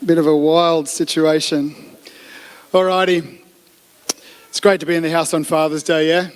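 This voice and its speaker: A man giving a relaxed, joke-filled sermon from a church stage, speaking into a mic. His voice sits high for a man, and he keeps the tone chatty and upbeat throughout. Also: moderate pace, clean tone. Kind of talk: casual sermon with jokes. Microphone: handheld or stage mic.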